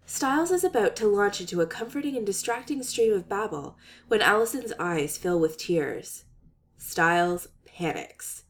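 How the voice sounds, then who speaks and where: A woman reading a comic story aloud with expressive, animated narration. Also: on the low side, measured pace. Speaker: story reader. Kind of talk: reading fan fiction aloud.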